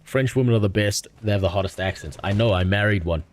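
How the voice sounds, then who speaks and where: A young adult man streaming a game, chatting casually in a rambling way with crude deadpan jokes. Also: lowish voice, fast talker, a little hiss or hum. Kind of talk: casual chat while gaming.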